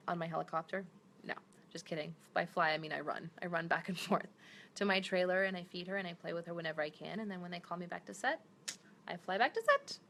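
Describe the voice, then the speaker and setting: Chatty woman with a gravelly, bright voice. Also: fairly low pitch, slight background noise. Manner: chatty, switches between English and Portuguese. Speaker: actress. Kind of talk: casual live-stream Q&A, reading fan comments aloud.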